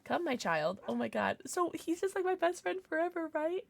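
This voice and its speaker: A woman streaming a game live, chatting with her viewers in an excitable, gushing way with frequent squeals. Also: very high voice, normal speed, gravelly, no echo.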